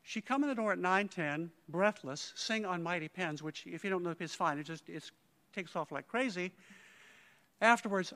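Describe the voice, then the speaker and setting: Speaking at a memorial in a large, long-reverberating hall, this conductor delivers an emotional eulogy full of stories and quotations. His high voice is bright and forceful, at a normal speed.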